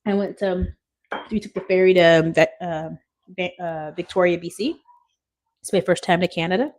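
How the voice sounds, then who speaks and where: A woman's voice: lowish voice, normal speed, a little mellow. A woman in her thirties from Washington State, chatting on a live stream from her phone at home, reading out viewer comments and laughing often. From Washington State, USA. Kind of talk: casual live-stream chat.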